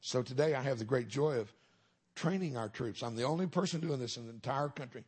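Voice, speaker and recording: A man's voice: medium pitch, a little fast, a little mellow, slightly rough. A middle-aged man, a minister giving a humorous testimony sermon in a folksy storytelling way with punchlines.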